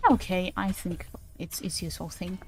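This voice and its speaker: A woman's voice: on the low side, level tone, normal speed, a little hiss or hum. A woman chatting casually with her viewers while playing a game, laughing often. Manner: chatty, giggly, talks to chat. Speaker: streamer. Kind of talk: casual gameplay livestream.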